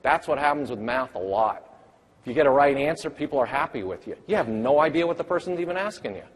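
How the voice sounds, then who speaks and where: A man presenting a math teaching workshop, energetically firing quick questions at the audience. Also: medium pitch. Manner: energetic, rapid-fire quizzing of the audience. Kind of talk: interactive conference workshop talk. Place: large conference hall. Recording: long hall reverb.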